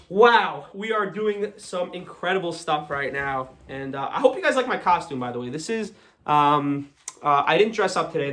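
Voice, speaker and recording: Chatty American magician, light tenor. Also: male voice, a little high, fairly bright tone. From United States. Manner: chatty, joking, self-deprecating. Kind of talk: live magic show patter.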